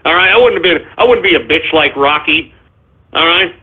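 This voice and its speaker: On live internet radio, a male talk host reads out listener names and rants, abrasive and sarcastic, hurling insults at his audience. His voice is fairly high, expressive, and fairly quick, with a tinny, phone-like sound.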